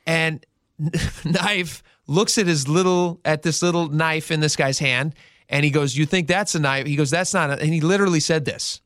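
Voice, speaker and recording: A man's voice: fairly high pitch, normal speed, no room sound, clean studio sound. A radio show host telling a news story in casual talk, acting out the quotes as he goes. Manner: animated storyteller, acts out quotes.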